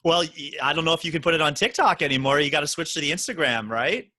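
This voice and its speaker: A man's voice: a little high, quick pace, bright, forceful tone, dry recording. A man hosting a casual podcast chat, joking and telling stories in a teasing way. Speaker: podcast host.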